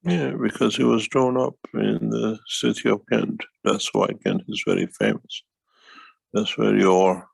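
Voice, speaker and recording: A man speaking as a guest in a casual conversation, slow and rambling, sometimes dropping plural endings. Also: lowish voice, vocal fry, husky, no echo, poor audio.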